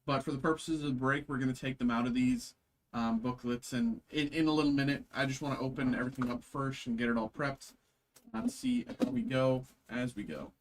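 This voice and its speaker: A man's voice: medium pitch, lively intonation, a little fast, slight background noise. A man hosts a live card-opening break, chatting casually as he opens packs. His talk rambles, with constant fillers and restarts. He jokes at his own expense. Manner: self-deprecating, rambling with many fillers and restarts.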